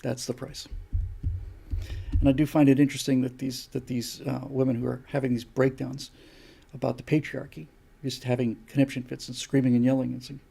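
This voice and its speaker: Gravelly older man lecturing. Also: medium pitch, mellow. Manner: rhetorical, lecturing, fires off repeated questions. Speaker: live stream host. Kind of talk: opinion monologue on a live stream.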